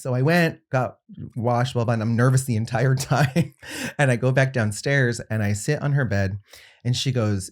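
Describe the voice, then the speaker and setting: A man's voice: medium pitch, normal speed. A young adult man, a podcast guest, telling a personal story in casual conversation and acting out the people he quotes.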